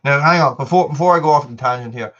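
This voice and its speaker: A man's voice: mid-range voice, fast, a bit bright, dull audio. A man hosting a casual live stream, chatting with viewers in a rambling way, full of restarts and repeated words.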